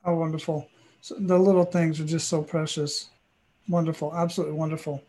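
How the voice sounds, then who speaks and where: A man with a notably high voice hosts an interview podcast. He sounds enthusiastic and tends to ramble while he frames his questions. The audio comes through a remote call. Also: flat delivery, fairly quick, warm tone. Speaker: podcast host.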